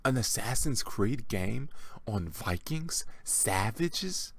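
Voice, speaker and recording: A man's voice: mid-range voice, lively intonation, slow, vocal fry, slightly rough, no echo. A man hosting a gaming channel, delivering a sarcastic reaction rant in a mocking, exasperated way and often repeating himself.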